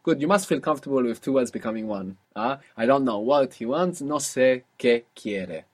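Male language teacher, slightly husky, patient, quizzes a learner and repeats answers back. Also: medium pitch, animated, fairly quick. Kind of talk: guided spoken lesson.

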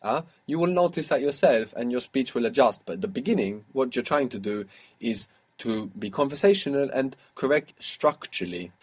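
A man's voice: medium pitch, animated, moderate pace, darkish tone, slightly rough. A man teaching a language lesson, patiently prompting a student and praising each answer. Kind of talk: guided audio language lesson.

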